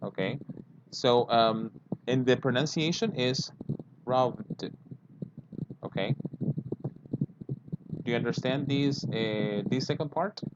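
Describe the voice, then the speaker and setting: A man's voice: mid-range voice, unhurried, pauses often. A man teaching an online English lesson, patiently repeating words for pronunciation and checking understanding. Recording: dull lo-fi with clear background noise.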